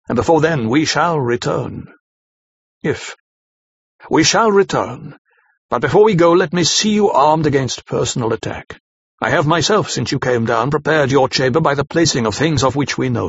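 A man's voice: medium pitch, gravelly, slightly rough, no echo. A man voicing an elderly, learned professor who talks in a solemn, emphatic, old-fashioned way, on a slightly muffled dry recording. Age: older.

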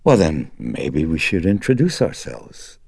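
Man as a gentle, measured priest coaxing a frightened household; low, husky, dry. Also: sing-song, dry recording, heavily acted. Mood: calm coaxing. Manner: measured, trying to sound warm and friendly. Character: calm middle-aged male priest, gentle, patient.

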